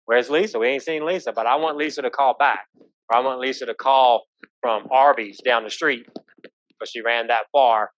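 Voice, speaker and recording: A man's voice: medium pitch, fairly even intonation, moderate pace, a bit bright. A man teaching an active shooter training class, telling stories in a folksy way and checking in with the room often. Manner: folksy, storytelling, asks the room "right?". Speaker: police trainer. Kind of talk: live safety training talk. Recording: dull lo-fi sound.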